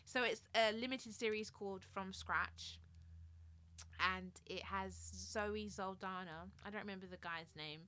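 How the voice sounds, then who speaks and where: Young woman, podcast co-host, casual chat, bright forceful tone, animated, acts out reactions. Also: mid-range voice, measured pace, clear, resonant tone. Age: 20s. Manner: animated, acts out her own reactions, laughs often.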